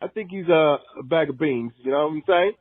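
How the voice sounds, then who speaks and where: A cheery young caller chats in brisk, chummy slang, as a man puts him on. His voice sits high and a little husky. It comes through dry and tinny, like a phone line. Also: no echo. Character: cheery young British male fan caller.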